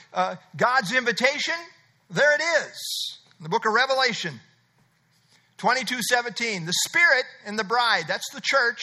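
A man's voice: very high-pitched, pushed and bright. A middle-aged man preaching an expository sermon, emphatic and conversational, repeating his key phrases. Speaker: pastor.

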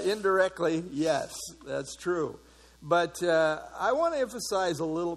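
A man's voice: on the high side, breathy edge. A man leading an evening Bible study, talking conversationally, full of fillers and putting questions to the audience. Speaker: pastor.

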